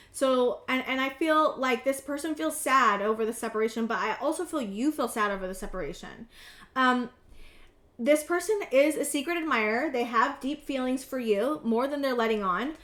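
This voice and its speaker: A woman in her thirties giving a casual tarot reading to camera, earnest and halting, often repeating words. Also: high-pitched, a bit bright. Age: 30s. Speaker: tarot reader. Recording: roomy echo.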